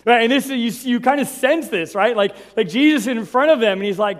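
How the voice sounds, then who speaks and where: Male pastor, high voice, casual conversational sermon, hall reverb. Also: fairly quick, few pauses. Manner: conversational preaching, tags lines with "right?".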